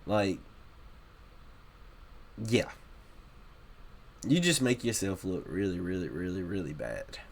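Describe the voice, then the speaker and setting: A man with a fairly low voice hosting a reaction video. He talks casually and bluntly, and he sounds exasperated by what he watches. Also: big pitch swings, slow pace, long pauses.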